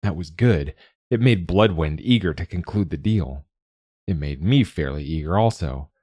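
A man's voice: low voice, lively intonation, normal speed, darkish tone, husky, no room sound. A man narrating a fantasy story in the first person with a dry, wry manner. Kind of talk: scripted audiobook narration.

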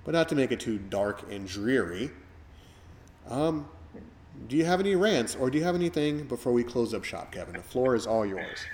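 A man's voice: medium pitch, very animated, moderate pace, darkish tone, a little hiss or hum. A middle-aged man hosting a podcast, talking in a rambling, reflective way with lots of fillers. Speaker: podcast host. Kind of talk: casual podcast chat.

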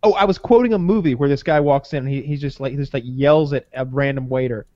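A man's voice: mid-range voice, fast, no echo. A man co-hosting a podcast, telling a rambling, profane story in casual chat. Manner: rambling, profane, animated retelling. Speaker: podcast co-host. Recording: slightly dull lo-fi sound.

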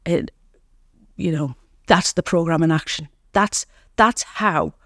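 A woman guest in an interview, telling her recovery story in an earnest, reflective way with pauses. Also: fairly low pitch, dry recording, clean studio sound. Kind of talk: candid interview talk.

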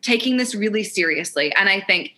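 A woman's voice: medium pitch, expressive, brisk, sharp tone. A woman hosting a casual chat, earnest and encouraging.

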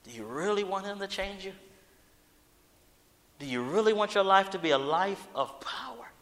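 A man preaching a sermon, moving from loud urgent appeals to quiet personal storytelling. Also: high-pitched, animated, normal speed. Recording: long reverb of a large hall.

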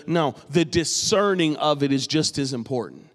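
A man from New England delivers a sermon in a high, bright voice. He talks animatedly, like a storyteller who likes a joke. His voice rings through a large hall with a long echo. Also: brisk, few pauses. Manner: animated, jokey storytelling preacher. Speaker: pastor.

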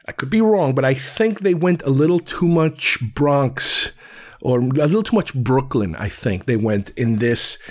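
A man from New York talking casually about films, wandering off on tangents and often restarting his sentences. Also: on the high side. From Queens, New York. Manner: digressive, restarts thoughts often. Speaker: film reviewer. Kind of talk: casual film commentary.

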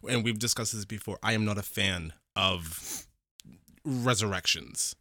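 A man's voice: fairly low pitch, a little slow, pushed and bright, no room sound. A man co-hosting a show review podcast, chatting casually and often restarting his phrases as he thinks. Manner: rambling, repeats his words while thinking. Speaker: podcast co-host. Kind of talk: casual chat.

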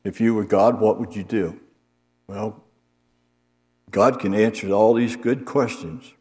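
A man's voice: fairly low pitch, steady tone, a little slow, darkish tone, big-room sound. A man preaching an evening sermon in a homely, plain way, reading scripture aloud and explaining it as he goes.

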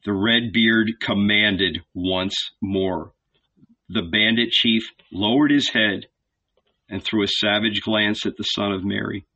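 A man reading a novel aloud as the regular reader, slow and deliberate, closing with an affectionate sign-off. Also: fairly low pitch, steady tone, bright, forceful tone, highs cut off. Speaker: audiobook reader. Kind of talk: scripted narration.

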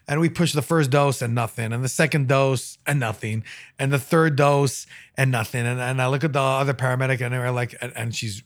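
A man, a paramedic, telling work stories in casual talk, animated and acting out what people said. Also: medium pitch, moderate pace. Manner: animated storyteller, acts out quotes.

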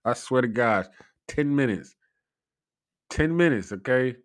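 A man's voice: medium pitch, lively intonation, measured pace, dry recording, clean studio sound. A man hosting a podcast, telling a rambling story in casual talk and laughing often through it. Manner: loose, rambling delivery full of fillers and profanity. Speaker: podcast host.

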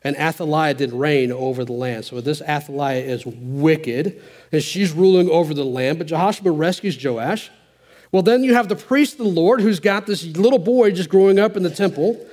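High-voiced man preaching a sermon. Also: moderate pace. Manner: animated preaching, reading scripture aloud and commenting. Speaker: pastor.

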